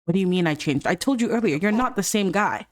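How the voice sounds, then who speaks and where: A woman's voice: fairly low pitch, expressive, brisk. An indignant young man, voiced by a woman who calls his friend "bro" and demands answers. He pushes hard and sounds let down. The voice stays near a casual gamer's own. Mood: accusing. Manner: pushy, bro slang, indignant.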